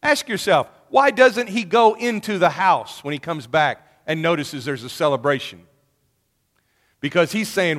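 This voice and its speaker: A man preaching a sermon in an animated way, acting out the people in his story. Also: on the high side, unhurried, long reverb tail. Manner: animated, acts out quoted voices.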